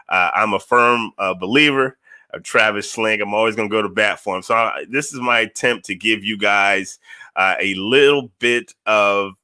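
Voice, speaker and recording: Male podcast host, lowish voice with a forceful edge, loose and chatty, repeats himself for emphasis. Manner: energetic, conversational, repeats phrases for emphasis. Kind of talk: casual solo podcast monologue.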